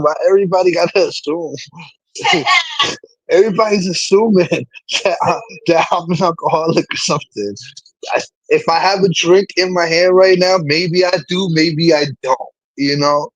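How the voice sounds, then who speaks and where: Husky New man ranting on a stream. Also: on the high side, dry recording, highs cut off. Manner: animated, rambling, swears often. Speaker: live streamer. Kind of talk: casual chat to a live stream audience.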